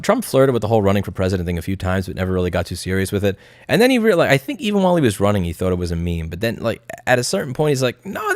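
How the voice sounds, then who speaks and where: A man's voice: on the low side, no room sound, clean studio sound. Blunt, profane man on a live stream. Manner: blunt, profane, animated, mocking impressions. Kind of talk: casual live stream chat. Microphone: studio mic.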